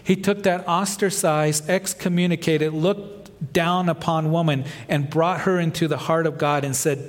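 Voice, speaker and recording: A male pastor delivering a sermon, with rising emphasis and soft dramatic drops. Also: fairly high pitch, unhurried. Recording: long reverb of a large hall.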